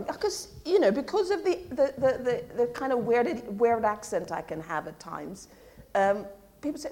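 A woman preaching a sermon, moving from quiet, musing reflection to loud, impassioned declarations. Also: a little high, lively intonation, moderate pace.

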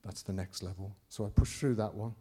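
A middle-aged Englishman preaching by telling a personal story, rambling with many restarts and sudden jumps in loudness. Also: lowish voice, brisk, husky. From England. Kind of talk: anecdotal preaching to a congregation.

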